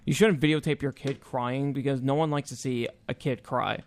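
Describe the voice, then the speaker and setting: A man's voice: medium pitch, fairly even intonation, moderate pace. A man co-hosting a casual sports talk show, ranting with indignation. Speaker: co-host. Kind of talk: casual sports chat opinion segment.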